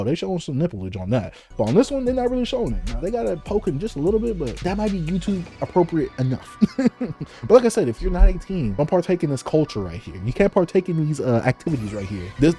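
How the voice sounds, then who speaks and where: Hyped young man with a mellow voice. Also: high voice. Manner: hyped, playful, exclamatory with laughs. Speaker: YouTuber unboxing manga. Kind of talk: excited casual vlog.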